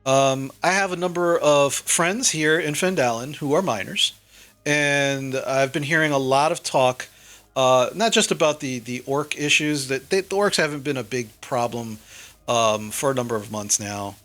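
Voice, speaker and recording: A man's voice: medium pitch, moderate pace, a bit bright, close to an everyday voice. A man voicing a blunt, businesslike retired older man who rambles with many fillers.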